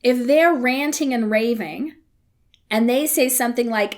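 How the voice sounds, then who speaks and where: A woman's voice: a little high, a little slow, a little mellow. A woman hosting a podcast, teaching in a candid, conversational way with playful asides. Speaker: podcast host. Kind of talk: casual teaching talk.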